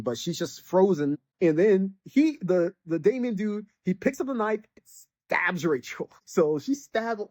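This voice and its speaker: A podcast host rants through a casual game critique, and the voice swings up and down in pitch. The delivery is loose and rambling, full of restarts and "like" fillers. The sound is dry and close, with no room around it. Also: darkish tone, no echo. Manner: rambling, heavy use of "like", frequent restarts. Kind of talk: casual game review rant.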